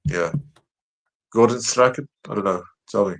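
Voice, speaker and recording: A man's voice: on the low side, moderate pace, fairly bright tone. A man co-hosting a casual football chat stream, laid-back with short replies. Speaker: co-host.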